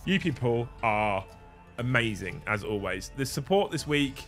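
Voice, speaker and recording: A man in his thirties hosting a livestream, animated and joking, swearing casually, on a studio mic. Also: mid-range voice, measured pace, soft background music. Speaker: livestream host.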